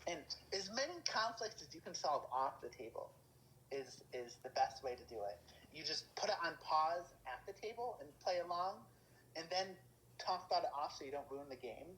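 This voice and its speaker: A woman's voice: low voice, expressive, normal speed, fairly bright tone, a little hiss or hum, low-quality recording. A woman dungeon master, a guest in a casual interview, rambling with lots of fillers and restarts.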